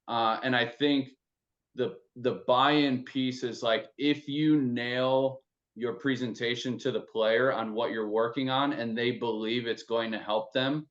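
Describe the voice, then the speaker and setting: A man's voice: mid-range voice, steady tone, measured pace. A man hosting a casual podcast discussion, talking loosely with lots of filler words. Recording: dull lo-fi sound.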